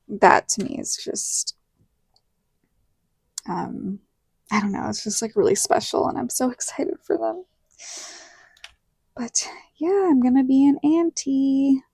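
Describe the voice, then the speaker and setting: A woman's voice: on the high side, creaky, husky, no echo. A woman in her thirties with a Southern American accent, chatting casually and telling a story while decorating her planner, full of quoted dialogue. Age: 30s. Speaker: planner vlogger.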